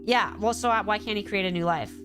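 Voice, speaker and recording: Congested female streamer, animated and gushing, mid-pitched, faint music underneath. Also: quick pace. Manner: animated, gushing, acts out quoted lines. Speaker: streamer ranking episodes. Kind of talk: casual live-stream chat.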